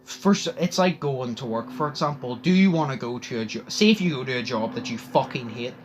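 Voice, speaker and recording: Guy rattling off a school story, quick and blunt, swears a lot. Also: medium pitch, lively intonation, noisy background. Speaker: podcast host. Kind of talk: casual chat, storytelling.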